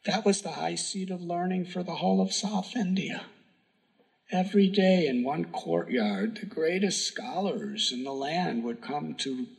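A man giving a sermon, telling a devotional story in an earnest, emphatic way that sometimes drops to a hush. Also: on the high side, gravelly, rough recording. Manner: earnest, emphatic storytelling with hushed whispered moments. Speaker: spiritual teacher.

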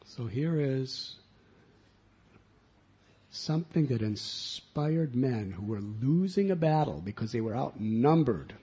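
A man preaching a sermon in an animated storytelling way, on a muffled lo-fi recording. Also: mid-range voice, slow pace, slightly rough. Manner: animated storytelling with sound effects.

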